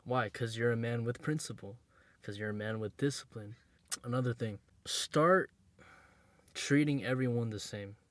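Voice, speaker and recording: A man's voice: mid-range voice, no room sound. A man giving dating advice in a casual monologue, blunt and emphatic, repeating his points and using street slang.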